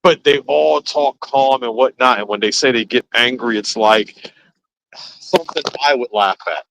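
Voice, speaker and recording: A man hosting a casual chat, telling stories with animated swings into quoted voices. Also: medium pitch, measured pace, vocal fry, dry recording, poor audio. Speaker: host.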